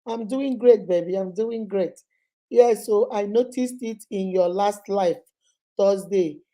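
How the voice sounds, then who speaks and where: A Nigerian woman in her thirties hosting a casual live stream, chatting and greeting viewers by name, her voice going a little hoarse from a cold. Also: mid-range voice, measured pace, dark tone.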